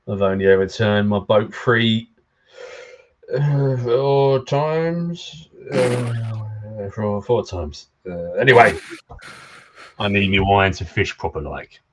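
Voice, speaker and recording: A man's voice: sits low, fast, few pauses, fairly bright tone, highs cut off, slight background noise. A man putting on a drunk old fisherman. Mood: grumbling. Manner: gruff folksy pirate-ish drawl.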